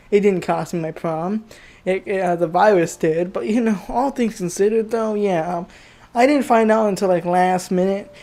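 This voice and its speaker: A man's voice: high voice, warm tone. A young man telling a personal story as a profane, heated rant, rambling with many fillers. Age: young adult.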